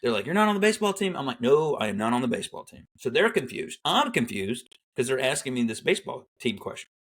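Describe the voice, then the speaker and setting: A man's voice: mid-range voice, fast talker, slightly rough. A middle-aged man telling his military story in casual conversation, acting out the people he quotes. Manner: animated, acts out quoted dialogue. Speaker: guest, Army veteran.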